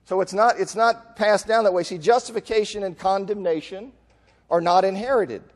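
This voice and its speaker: A man's voice: high-pitched, moderate pace, long reverb tail. A man preaching a conversational Bible lesson to a church, acting out quoted voices as he goes. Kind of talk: sermon. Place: church auditorium.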